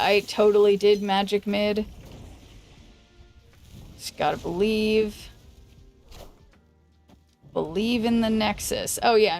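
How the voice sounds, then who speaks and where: A woman streamer chatting casually while she plays a card game, thinking aloud and greeting viewers, with a voice that is going hoarse. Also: mid-range voice. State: losing her voice. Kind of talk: casual gameplay commentary.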